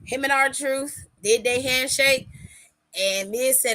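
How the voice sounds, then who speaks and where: A woman hosting a podcast, recapping a wrestling show in a casual, animated way and acting out what people said. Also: sits high, takes it slowly, no echo. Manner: animated storytelling, acts out quotes, laughs often. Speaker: podcast host.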